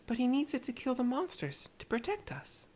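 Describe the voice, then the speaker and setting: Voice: high voice, huge pitch swings, moderate pace, darkish tone, pitched above the performer's own voice, full character voice. A gamer voicing a little girl who worships a local hero, pleading and childlike. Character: small anxious girl who idolizes a hero.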